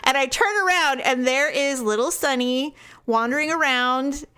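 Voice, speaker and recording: A woman co-hosting a podcast, telling a long story in casual chat, animated, swearing freely and laughing often. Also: high-pitched, normal speed, clean tone. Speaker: podcast co-host.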